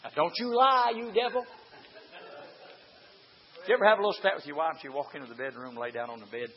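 A man with a scratchy voice preaching a sermon to a room of men, swinging from shouted passages to hushed storytelling. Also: on the high side, brisk, lo-fi sound. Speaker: preacher to a men's gathering.

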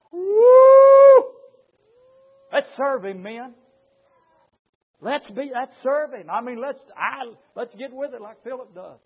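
A man preaching a sermon, his fervent delivery swinging from low murmurs to loud shouting. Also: takes it slowly, pauses often, slightly rough, phone-quality sound.

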